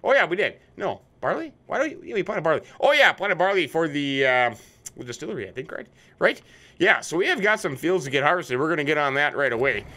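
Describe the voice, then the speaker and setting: A man's voice: on the high side, big pitch swings, fast, bright, forceful tone. Chatty American man narrating a farming game. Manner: chatty, joking, talks to imaginary companions. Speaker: let's play host. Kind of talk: casual game commentary with role-play banter. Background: faint game vehicle sounds.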